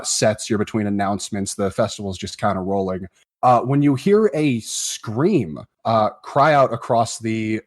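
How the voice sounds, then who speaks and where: Man narrating as game master. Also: fairly low pitch. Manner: relaxed, with frequent fillers and hedges.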